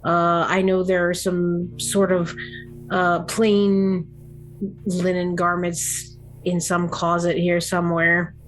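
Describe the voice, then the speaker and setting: A woman's voice: lowish voice, completely flat delivery, takes it slowly, faint music behind, low-quality recording. A woman playing a tabletop game, speaking hesitantly with many fillers. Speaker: player. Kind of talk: in-character role-play.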